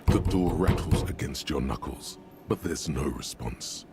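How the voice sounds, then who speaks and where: A man's voice: a bass voice, unhurried, over loud music. A male actor giving scripted narration as the voice of a detective video game.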